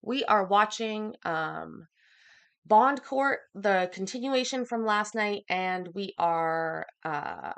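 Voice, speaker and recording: A woman hosting a casual livestream, chatting with viewers and reading their comments. She sounds a little hoarse and short of breath from a cough, with lots of ums. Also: medium pitch, very animated, slow. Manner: chatty, filler-heavy, reads out viewer comments. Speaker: livestream host.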